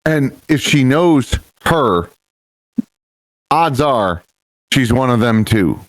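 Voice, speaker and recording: A man's voice: medium pitch, animated, slow pace, no echo, low-quality recording. A man in a tabletop game, pressing with suspicious questions. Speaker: tabletop player.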